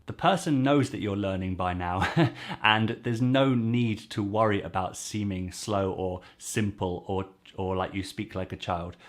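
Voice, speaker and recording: A man with a fairly low voice explains useful phrases to learners. He talks in a chatty way and says each example slowly, twice over, so they can practise. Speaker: French teacher.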